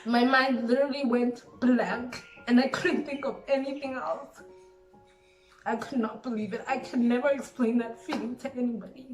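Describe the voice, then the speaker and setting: A woman's voice: a little high, fairly even intonation, normal speed. A woman in her late twenties telling a painful personal story, reflective and grieving, with lots of "like". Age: late 20s. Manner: reflective, heavy use of "like", grieving. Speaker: vlogger. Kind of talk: emotional storytime monologue. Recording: roomy sound from a distant mic with background music.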